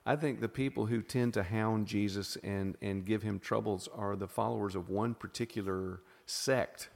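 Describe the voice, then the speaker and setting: A man's voice: on the low side, fairly even intonation, normal speed, vocal fry, big-room sound. Southern-drawled man explaining at length. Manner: thoughtful, self-interrupting explainer with frequent restarts. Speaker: podcast guest. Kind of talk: casual teaching conversation.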